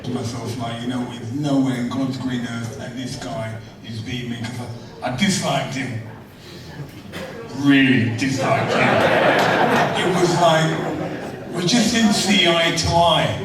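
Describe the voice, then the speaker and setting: A man's voice: medium pitch, measured pace, a crowd in the background. Echoey, laughing man telling stories. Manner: laughing, animated storyteller. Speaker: retired boxer. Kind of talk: casual storytelling conversation. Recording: echoey room, distant mic, background noise.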